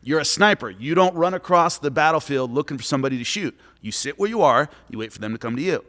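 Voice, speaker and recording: A man, a former fighter and commentator, giving coaching advice and telling lively stories in a podcast chat, acting out what people said. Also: fairly high pitch, quick pace. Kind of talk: animated storytelling in a podcast chat. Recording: long hall reverb.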